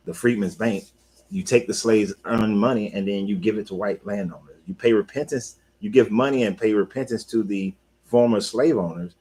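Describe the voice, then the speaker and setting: A man talking casually on his own, an animated coach who repeats himself and talks back to the listener. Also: lowish voice, breathy edge, poor audio. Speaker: life coach. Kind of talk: casual monologue.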